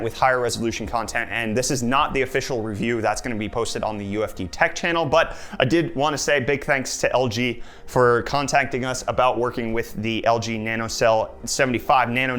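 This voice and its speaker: Excitable young man unboxing a TV. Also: medium pitch, brisk, hardly any pauses, soft background music. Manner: enthusiastic, exclaims often. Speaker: tech video presenter. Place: well-lit indoor room.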